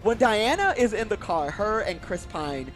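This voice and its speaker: A man's voice: high voice, very animated, measured pace, a bit bright, soft background music. Gushing male movie reviewer. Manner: gushing, effusive, repeats "I love"; acts out quoted movie lines. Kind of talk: casual spoiler review.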